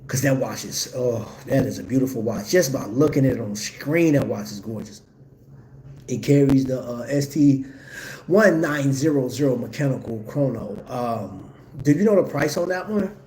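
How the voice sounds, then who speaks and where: A man's voice: mid-range voice, expressive, normal speed, mellow, roomy sound, slight background noise. A man from Brooklyn, hosting a casual watch livestream in a laid-back, slangy way and laughing often. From Brooklyn, New York.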